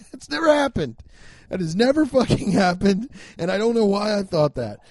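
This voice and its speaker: This Cincinnati comic talks briskly in a high voice, wandering through a loose, funny monologue full of profanity and frequent laughter. The Midwesterner stays animated throughout, and there's no echo.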